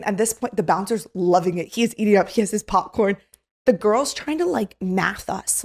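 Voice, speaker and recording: A young woman co-hosting a podcast, telling a story in a casual chat, animated, acting out quotes, with lots of "like". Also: medium pitch, a little fast. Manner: animated, acts out quotes, filler "like". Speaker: podcast co-host.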